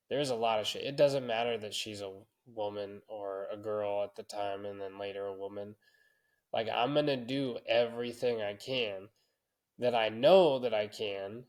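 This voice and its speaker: Profane storytelling podcast co-host man. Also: mid-range voice. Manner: profane, storytelling, laughs often. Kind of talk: casual podcast chat.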